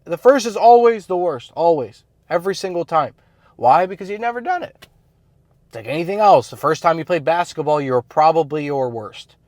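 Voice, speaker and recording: Speaking at normal speed in a slightly high, slightly mellow voice, this man is animated as he coaches other men on self-improvement. His casual monologue is blunt, slang-filled, and packed with "like" and "you know," recorded without any room sound.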